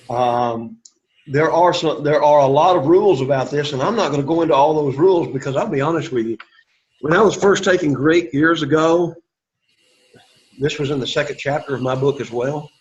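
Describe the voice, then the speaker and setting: A man's voice: fairly high pitch, muffled recording. A middle-aged man teaching a Greek class, lecturing to students in an emphatic way and repeating his key points.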